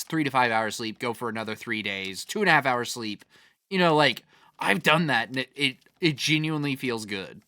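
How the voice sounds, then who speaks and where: A man's voice: medium pitch, pushed and bright, no room sound. A man streaming a game, chatting casually in a rambling, profane way, laughing often and reading out chat comments. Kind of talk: casual chat while gaming.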